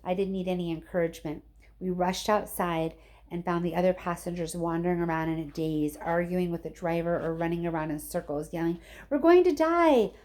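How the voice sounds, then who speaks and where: A woman teacher reading a chapter of a novel aloud to her students, expressive and chatty with her listeners. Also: fairly low pitch, brisk.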